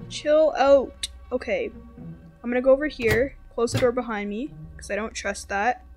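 Chatty, excitable young-sounding woman gamer. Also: a little high, moderate pace. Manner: very talkative, excitable, squeals and repeats words when tense. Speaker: gaming video host. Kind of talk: casual gameplay commentary. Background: game background music.

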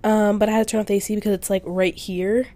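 A woman's voice: medium pitch, little pitch movement, quick pace, mellow. A young woman hosting a casual solo podcast while sick and congested, rambling with lots of fillers and self-deprecating asides in a small indoor room. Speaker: podcast host.

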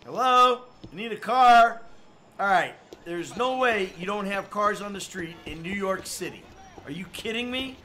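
Middle-aged guy streaming a game, bright tense voice, annoyed and chatty, cusses a lot. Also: sits high, animated, normal speed. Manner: exasperated, chatty, swears often. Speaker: streamer playing a video game. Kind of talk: live gameplay commentary.

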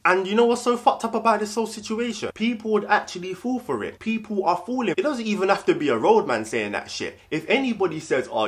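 A man playing a slangy London roadman. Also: fairly high pitch. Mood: scornful. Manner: slangy, swearing, mocking, animated. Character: cocky young London roadman character. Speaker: comedy sketch creator. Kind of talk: character comedy monologue.

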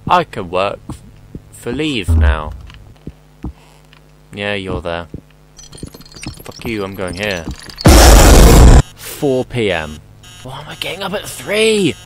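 A man's voice: lowish voice, sing-song, slow, pauses often, over loud music, low-quality recording. A young man commentating his horror gameplay, rambling and joking, swearing often and talking back to the game.

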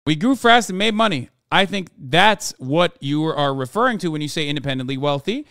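A man voicing an earnest Icelandic man reading his own letter, in a put-on Nordic accent with a measured, plain delivery. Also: fairly high pitch, lively intonation, a bit bright, no room sound, clean studio sound.

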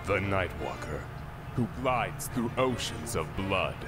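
A man's voice: deep voice, lively intonation, slow, over music. A man voicing a pompous, self-important male vampire in a comedy parody dub, speaking in grand, theatrical boasts. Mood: grandiose.

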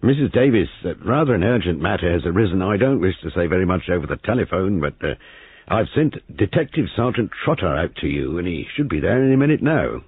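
A man's voice: low-pitched, big pitch swings, a little fast, breathy edge, dry recording, full character voice. A man voicing a hearty, confident police superintendent on the telephone with a slight country burr, heard in a phone-like, lo-fi reading.

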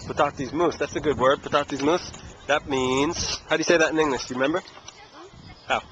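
A man's voice: on the high side, steady tone, quick pace, fairly bright tone, muffled recording. A man teaching a casual language lesson outdoors at a playground, asking patient, coaxing questions. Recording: noisy outdoor camera audio.

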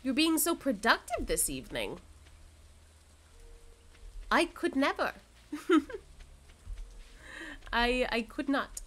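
A woman's voice: high voice, huge pitch swings, slow pace, long pauses, a bit bright. A woman streamer chatting casually with her viewers while she plays a cozy farming game. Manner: chatty, reads and answers chat. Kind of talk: casual gameplay chat.

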